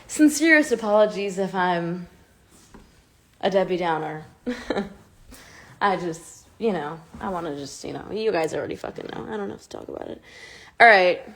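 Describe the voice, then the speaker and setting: A woman's voice: on the low side, lively intonation, moderate pace, long pauses, fairly bright tone, slight background noise. A woman in her twenties chatting candidly and confessionally to fans on a phone livestream from home, rambling and self-conscious.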